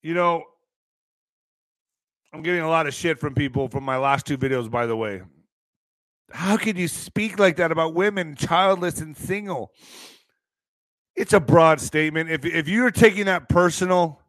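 Rambling man with a bright edge. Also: a little high, no echo. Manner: rambling, storytelling, bursts of shouting. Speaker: online show host. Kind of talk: casual live-stream monologue.

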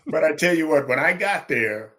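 Animated man telling a football story. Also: normal speed. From Texas. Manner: animated, acts out quotes with big pitch jumps, laughs. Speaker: guest, former pro football linebacker.

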